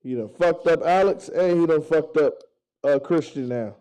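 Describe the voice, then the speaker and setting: A man with a high, light voice talks casually to his viewers. He tells loose, profane stories, often stumbling and restarting his sentences. The sound comes from an action camera strapped to his chest. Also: normal speed, warm tone, smooth, low-quality recording. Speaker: bowler chatting to viewers. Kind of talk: casual chat.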